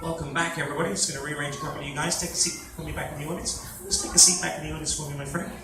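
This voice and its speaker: A man's voice: fairly high pitch, little pitch movement, rapid-fire. A man working as a stage hypnotist at a fair, giving repetitive, coaxing commands to volunteers in a playful live-show patter. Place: fair stage before an audience. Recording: echoey, distant, noisy crowd recording.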